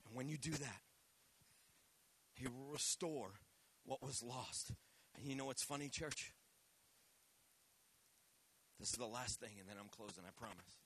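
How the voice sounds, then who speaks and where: A man preaching a live sermon, passionate, swinging between loud shouting and soft asides to the congregation. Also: mid-range voice, unhurried, pauses often, slightly rough. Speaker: pastor.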